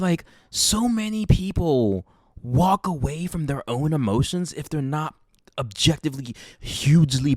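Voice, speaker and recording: A woman's voice: deep voice, dry recording. A young adult woman hosting a podcast, delivering an impassioned monologue full of swearing and emphatic ranting. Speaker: podcast host.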